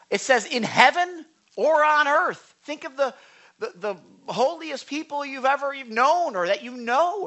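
A man preaching a sermon in a high, bright, forceful voice. He talks with his congregation in a conversational way and keeps checking that they follow. His earnest delivery swells into passionate emphasis. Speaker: pastor.

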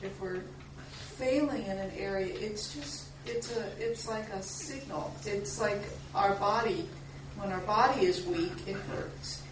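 A woman offers slow, reflective remarks from the congregation. Her voice comes from far off in an echoey room, with clear ambience behind her. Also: medium pitch, background noise. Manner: slow, reflective, thinking aloud. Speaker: congregation member. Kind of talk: comment during sermon. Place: church or meeting room.

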